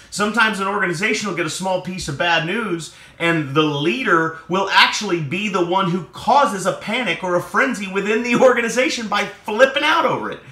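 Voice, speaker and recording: Bright-voiced man giving a pep talk. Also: high-pitched. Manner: conversational, peppers lines with "right?". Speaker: motivational speaker. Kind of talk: motivational talk. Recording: echoey room.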